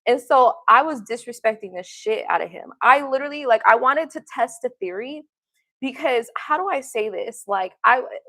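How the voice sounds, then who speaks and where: A woman with a fairly high voice chats on her livestream and tells stories bluntly, swearing freely and laughing often. Her voice is close and dry, with no room sound around it. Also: expressive, normal speed, sharp tone, no echo. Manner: blunt, profane storytelling with frequent laughs. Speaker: tarot reader and livestream host. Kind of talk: casual livestream chat.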